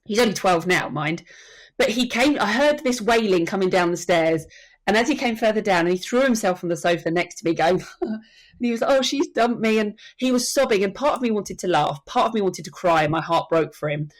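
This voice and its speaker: A woman's voice: medium pitch, animated, a little fast. Woman, earnest death educator. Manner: earnest storytelling, acts out quotes. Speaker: soul midwife and death educator. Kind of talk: podcast conversation.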